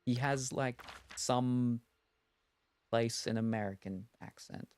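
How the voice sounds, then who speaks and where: A woman's voice: a bass voice, slow, a little mellow, a little hiss or hum. A woman streaming a cozy video game, chatting in a wry, rambling way as she plays. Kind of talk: casual gameplay chat.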